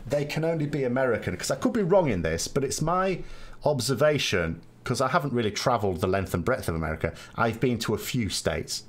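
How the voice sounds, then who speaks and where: A man with a South Yorkshire accent hosting a live stream, chatting in a rambling way with wry asides. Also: medium pitch. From England. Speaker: podcast host. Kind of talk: live stream chat answering viewers.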